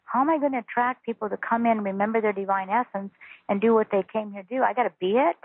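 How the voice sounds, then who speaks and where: Gravelly woman teacher on a tinny phone line. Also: mid-range voice, fast talker, no room sound. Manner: earnest, repetitive, emphatic. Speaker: spiritual teacher. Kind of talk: phone interview.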